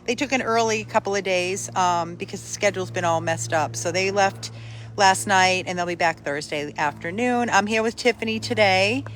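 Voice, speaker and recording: A woman hosts a casual dog-rescue live stream from her phone outside in a yard, greeting viewers by name and slipping into high, sing-song baby talk with the dogs. She moves at a moderate pace with a fairly bright tone, and soft music plays in the background.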